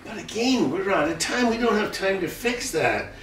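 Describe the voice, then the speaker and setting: A man's voice: high-pitched, big pitch swings, normal speed, fairly bright tone, slight background noise, voice pushed up. A man doing a breezy, matter-of-fact suit salesman. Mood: deadpan advice. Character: helpful male tailor shop salesman. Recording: echoey room, recorded from far off.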